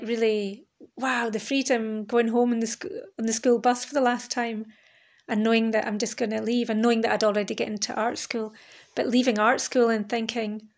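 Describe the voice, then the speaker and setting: Candid woman podcasting alone. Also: on the high side. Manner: candid, rambling, swears casually. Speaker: podcast host. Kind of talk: reflective solo podcast monologue.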